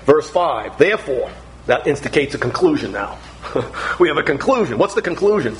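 A man's voice: a little high, very animated, normal speed, slight background noise, poor audio. A middle-aged man preaching a sermon, emphatic and building through repeated phrases.

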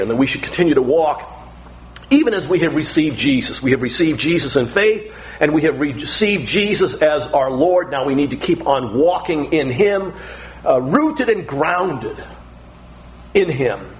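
A man's voice: on the high side, lively intonation, normal speed, rough recording. A middle-aged man preaching a sermon, emphatic and building through repeated phrases.

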